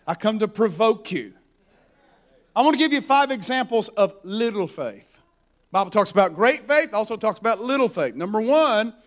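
A man preaching a sermon, animated and storytelling as he acts out the voices in the stories. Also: sits high.

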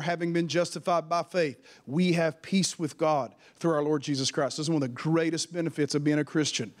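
A man preaching a sermon in a church, telling personal stories with fervor and calling out to the congregation. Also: a little high. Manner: fervent, personal storytelling with calls to the congregation.

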